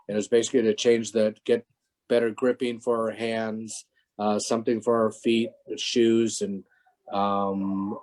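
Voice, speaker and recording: Older man, guest on a video call, warm low-key tone, rambling anecdotes. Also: rough recording. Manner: rambling, many restarts. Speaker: guest, former stunt performer. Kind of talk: casual interview anecdotes.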